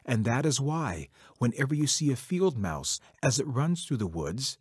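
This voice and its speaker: A man's voice: medium pitch, big pitch swings, normal speed, darkish tone, breathy edge, no room sound, studio quality. A man telling a traditional folk tale to children in a conversational way, speaking directly to his listeners. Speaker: storyteller. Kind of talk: oral folk storytelling for children.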